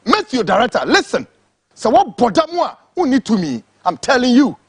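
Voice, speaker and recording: A Ghanaian man delivering an angry, impassioned political tirade with a husky voice, mixing English with Twi. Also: very high voice, very animated, moderate pace, no room sound, clean studio sound. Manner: angry, shouting insults, switching between English and Twi. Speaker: political commentator.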